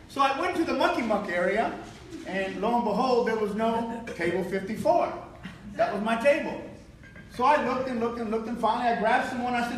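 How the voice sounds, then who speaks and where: Man from Texas, very high voice, lively keynote storyteller who acts out his scenes; heard from a distance in a booming hall. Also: moderate pace, long pauses, a little hiss or hum. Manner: animated storyteller acting out dialogue with laughs. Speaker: keynote speaker. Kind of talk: motivational storytelling speech. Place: large hotel event hall. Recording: very echoey hall, voice far from mic.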